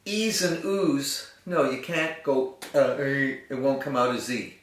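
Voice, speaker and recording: A man's voice: mid-range voice, fairly even intonation, a little slow, a bit bright. A man teaching a singing lesson, patiently explaining and demonstrating vowel sounds. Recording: roomy, distant mic with piano.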